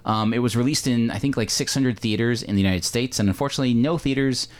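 At a quick pace and medium pitch, a Canadian podcaster talks loosely about a film. He leans on fillers and keeps revising what he's just said.

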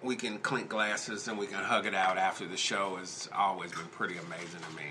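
A man hosting a podcast in casual chat, talking in a halting, heartfelt way with many restarts. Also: deep voice, steady tone, background noise. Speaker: podcast host.

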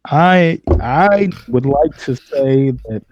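A man's voice: mid-range voice, expressive, slow, darkish tone, lo-fi sound, slight background noise. Playful mock-serious male podcast host. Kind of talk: casual podcast chat.

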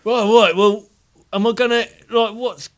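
A man's voice: high-pitched, fairly even intonation, measured pace, voice pushed up. A man voicing a blunt, confused working bloke who has wandered in looking for a tool. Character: loud working bloke hunting a spanner.

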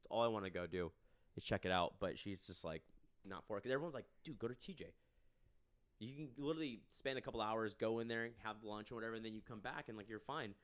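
A man's voice: fairly low pitch, fast, a bit bright, smooth. A young man in casual chat, rambling and full of fillers.

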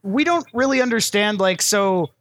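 A man's voice: high voice, animated, moderate pace, a bit bright, slight background noise. A man co-hosting a podcast, chatting casually about a movie with dry, sarcastic quips. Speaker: podcast co-host. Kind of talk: casual comedic movie chat.

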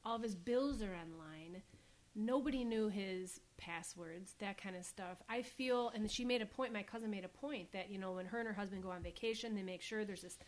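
A woman's voice: mid-range voice, moderate pace. A woman guest on a podcast, chatting and telling a story about her family. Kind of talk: casual chat.

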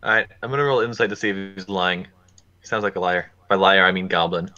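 A man playing in a tabletop game, talking casually and haltingly, clearing his throat between fillers. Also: deep voice, steady tone, sharp tone. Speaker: player. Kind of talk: casual role-play chat. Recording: dull, lo-fi mic.

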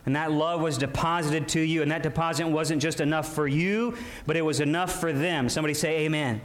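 A man preaches a sermon with a voice that sits a little high for a man. He calls out to his listeners, and his emphasis rises and falls as he works through each point. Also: steady tone, fairly quick. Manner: preaching with call-and-response asides and shifting emphasis. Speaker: pastor.

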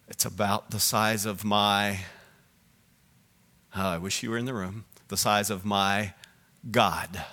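A man preaching a sermon as pastor, swinging between loud emphatic lines and soft low asides, often asking the listeners direct questions. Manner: asks the audience direct questions.

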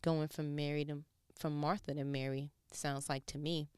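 A woman with a low voice preaches a sermon, close to tears as she speaks. She drops to near-whispers, then climbs into loud, passionate stretches. The recording is dry, with no room sound. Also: level tone, moderate pace, clear, resonant tone, no echo. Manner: impassioned, emotional, shifting between hushed and loud.

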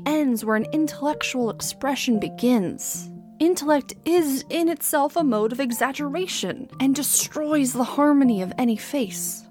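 A woman reading aloud as a languid, witty aristocratic Victorian gentleman with a theatrical, mocking drawl. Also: sits high. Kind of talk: dramatic reading.

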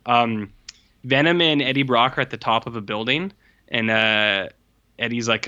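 A man co-hosting a casual movie review chat, animated, swearing freely and acting out lines from the film. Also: fairly low pitch, moderate pace. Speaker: podcast co-host reviewing movies. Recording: muffled lo-fi sound.

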